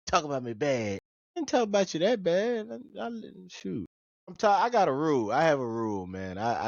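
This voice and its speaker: A male podcast host chats casually, telling stories with animation and jumping into high-pitched voices whenever he quotes someone. There's no room sound, and the high frequencies are cut off.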